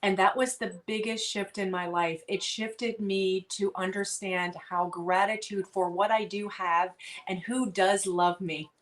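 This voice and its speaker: Middle-aged woman guest, earnest and halting, heartfelt storytelling. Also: mid-range voice, steady tone, fairly bright tone. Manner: earnest, halting, many restarts. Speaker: guest author.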